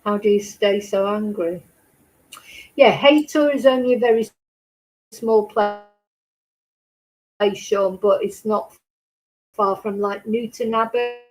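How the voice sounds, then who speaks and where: A woman's voice: medium pitch, slow, long pauses, a little mellow, low-quality recording. A woman hosting a true crime channel, chatting casually with her viewers. She rambles and keeps asking rhetorical questions. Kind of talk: casual chat with live chat viewers.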